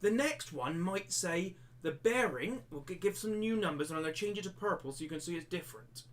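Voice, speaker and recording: A man's voice: high-pitched, expressive, fairly quick, a bit bright. Man teaching maths in a jokey pirate-ish accent. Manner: explains step by step, repeating himself. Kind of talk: live-streamed maths lesson.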